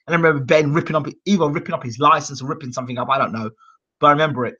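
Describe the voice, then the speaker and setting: British man, bright voice, rambling animated storytelling, dull lo-fi recording. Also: fairly high pitch, racing, slightly rough. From United Kingdom. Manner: reenacts shouts and quotes, rambling with fillers. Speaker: boxing channel host. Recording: dull lo-fi sound.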